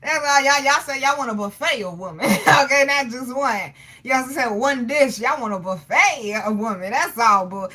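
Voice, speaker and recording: A woman chats on a livestream, reading comments aloud. Her voice sits a little high and sounds bright and forceful. She teases her viewers and laughs a lot, tagging her lines with "okay?". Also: lively intonation, moderate pace, hardly any pauses, slight background noise. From Portsmouth, Virginia, US. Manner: teasing, laughs often, frequent 'okay?' tags. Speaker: livestream host.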